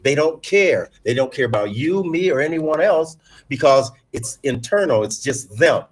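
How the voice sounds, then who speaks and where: A man on a round-table show speaks earnestly. He works toward his points haltingly, repeating words and dropping in "man" often. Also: medium pitch, animated. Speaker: talk show panelist. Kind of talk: casual round-table chat.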